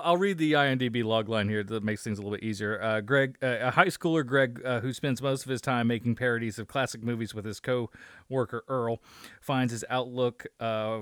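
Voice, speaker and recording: A man's voice: medium pitch, fairly quick, fairly bright tone, clean tone, no room sound, studio quality. A man co-hosting a movie review podcast, chatting casually in a rambling way, with lots of swearing and fillers. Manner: rambling, profane, filler-heavy. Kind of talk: casual chat.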